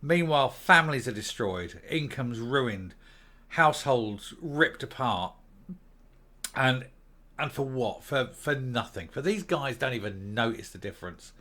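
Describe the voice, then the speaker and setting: A man's voice: mid-range voice, expressive, a little slow, bright, forceful tone. An older man, the host of his own channel, ranting angrily to camera with swearing and emphatic outbursts. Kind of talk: opinion rant to camera.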